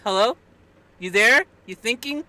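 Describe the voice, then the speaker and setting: A woman live streamer talking to her viewers and an AI assistant in an excitable, exasperated way, swinging between shouting and muttering. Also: a little high, measured pace. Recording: distant mic, faint background noise.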